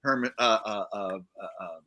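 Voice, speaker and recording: Musician guy rambling thru an old studio story, lots of uhs, bright tone. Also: lowish voice, normal speed. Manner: rambling, many fillers and restarts. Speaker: guest musician. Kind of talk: casual storytelling chat. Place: livestream studio.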